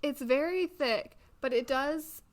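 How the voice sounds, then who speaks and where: A woman's voice: high-pitched, slow. A woman co-hosting a podcast in casual chat, talking in a chatty way with lots of filler words. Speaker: podcast co-host.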